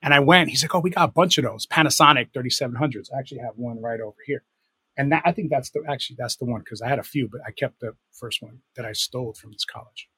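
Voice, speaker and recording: This middle-aged DJ and producer talks fast with a medium-pitched, bright, forceful voice that has a breathy edge. As a guest in a casual interview, he tells rambling stories, correcting himself and filling gaps with fillers, in a dry recording.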